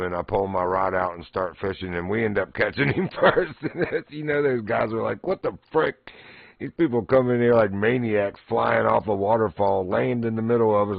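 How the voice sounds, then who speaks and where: A man's voice: low voice, vocal fry, no room sound. A middle-aged man streaming a fishing game, telling stories in easy casual chat and laughing often. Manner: laughs often, easygoing storytelling. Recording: muffled lo-fi stream audio.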